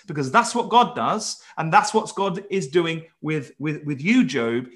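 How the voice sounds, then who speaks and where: Earnest, animated male preacher. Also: fairly high pitch, measured pace. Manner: earnest, emphatic, with stammered restarts. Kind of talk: Bible-study sermon.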